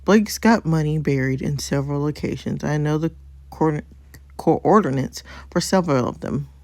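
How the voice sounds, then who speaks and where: A woman's voice: low voice, normal speed, mellow, slight background noise. A woman voicing a scheming, protective young married man while reading a story game aloud, with little change to her own voice. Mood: determined.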